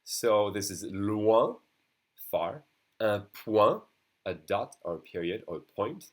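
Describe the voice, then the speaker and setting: A man whose first language is French, teaching a beginner lesson in English and slowly repeating French words for his students. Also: on the low side, animated.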